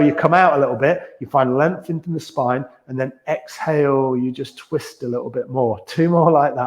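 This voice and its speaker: A man teaching a gentle beginners yoga class, calmly cueing breaths and movements and chuckling now and then. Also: fairly high pitch. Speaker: yoga instructor. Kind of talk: guided yoga class instruction. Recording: echoey room.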